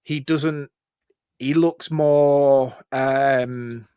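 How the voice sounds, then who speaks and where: An excitable man co-hosting a casual film podcast, rambling through his asides and laughing often. His voice sits at an everyday middle pitch. The recording is close and dry, with no room sound. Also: very slow, smooth, no room sound. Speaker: podcast co-host.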